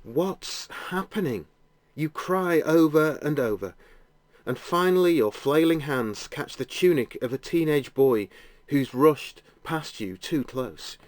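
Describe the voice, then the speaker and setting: A man narrating a guided imaginative prayer, telling the scene gently in the second person. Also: fairly high pitch, lively intonation, measured pace, dry recording.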